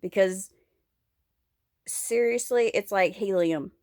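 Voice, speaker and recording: A woman's voice: mid-range voice, takes it slowly, a little mellow, no echo, studio quality. A woman vlogging from home, rambling candidly and crudely and laughing often as she talks. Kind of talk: casual rambling monologue.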